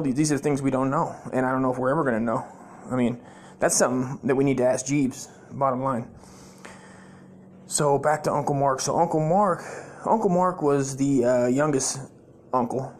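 Male comedy podcast host, profane rambling storyteller, mid-pitched, faint hiss behind. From United States.

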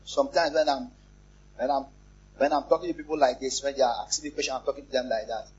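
A pastor, preaching a lively sermon, repeating phrases and joking with the congregation. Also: male voice, mid-range voice, quick pace, slightly rough. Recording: muffled, lo-fi church recording.

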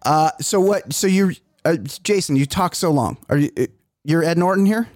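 A man co-hosting a comedy podcast, teasing his friends loudly and swearing freely in casual banter. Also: fairly high pitch, normal speed, no room sound, studio quality. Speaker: podcast co-host.

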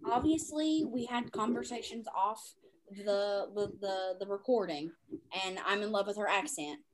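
A woman's voice: medium pitch, measured pace, crowd noise. A young woman hosting a podcast in casual chat, laughing often and using casual slang. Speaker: podcast host.

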